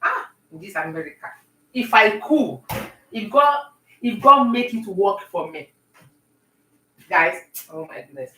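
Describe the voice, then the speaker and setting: A woman chatting with viewers on a live stream while she bakes at home, talking warmly and greeting people by name. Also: mid-range voice, animated, unhurried, long pauses, roomy sound, far from the mic, slight background noise, low-quality recording. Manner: warm, talkative, talks to viewers by name. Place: home kitchen.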